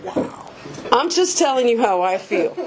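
A woman's voice: fairly high pitch, sing-song, unhurried, a crowd in the background. A woman giving a personal recovery testimony in a candid, casual, self-mocking way, laughing often and swearing freely. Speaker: speaker sharing a recovery story.

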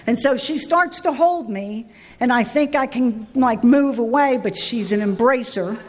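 High-voiced woman sharing her recovery story. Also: unhurried. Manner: candid, emotional storytelling with swings in pitch and pace. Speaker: recovery speaker. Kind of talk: personal recovery share at a meeting. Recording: echoey hall with long reverb.

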